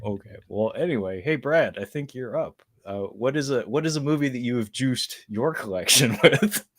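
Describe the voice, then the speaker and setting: A man's voice: mid-range voice, animated, normal speed, a bit bright. A man hosting a casual podcast chat, loose and joking, laughing often. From United States. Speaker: podcast host.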